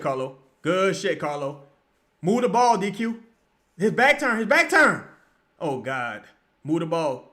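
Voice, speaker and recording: A man giving profane, excitable live commentary while he watches a basketball game, often shouting at plays. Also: sits high, unhurried, pauses often. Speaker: live-reaction streamer.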